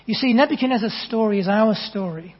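Husky high-voiced preacher. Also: male voice, fairly quick. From England. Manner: earnest, storytelling, conversational with gentle asides. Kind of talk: sermon. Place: church hall. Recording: dull, long reverb in a church hall.

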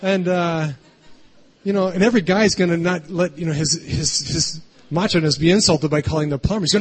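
A man's voice: a little high, a little fast, husky. A man preaching a conversational sermon, often checking in with the congregation by asking "right?". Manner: chatty, keeps adding "right?". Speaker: pastor.

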